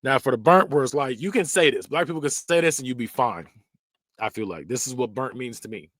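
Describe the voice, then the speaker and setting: Male podcast host, casual reactive delivery, animated pitch, frequent laughs, dead-dry recording. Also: fast, no echo. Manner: laughs often, slips into exaggerated voices for quoted phrases.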